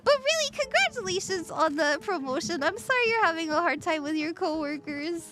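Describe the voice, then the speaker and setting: Bubbly high-voiced woman tarot streamer. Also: lively intonation, a little fast, loud music behind the voice. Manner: bubbly, giggly, reads chat aloud. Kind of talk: casual livestream tarot reading.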